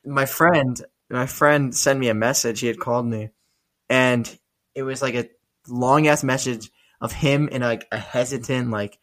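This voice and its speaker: A young man co-hosting a podcast, telling stories in a loose, animated way and swearing often. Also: medium pitch, unhurried. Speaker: podcast co-host. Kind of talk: casual chat.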